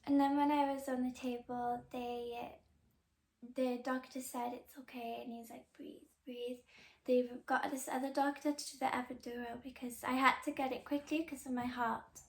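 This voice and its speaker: A young woman hosting a podcast, telling a personal story in a casual, chatty way, full of "like" fillers and soft confiding asides. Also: sits high, flat delivery, moderate pace, echoey room. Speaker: podcast host.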